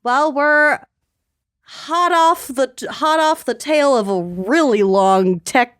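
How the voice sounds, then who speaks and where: A young adult woman co-hosting a podcast, chatting casually with quick, giggly banter. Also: high-pitched, a bit bright, no room sound, studio quality. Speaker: podcast co-host. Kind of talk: casual chat.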